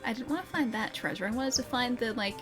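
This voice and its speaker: Young Australian woman streamer, chatty, laughs a lot, voice slightly high, game music behind. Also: animated, quick pace. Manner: chatty, laughs often, talks to chat. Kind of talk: casual gameplay chat.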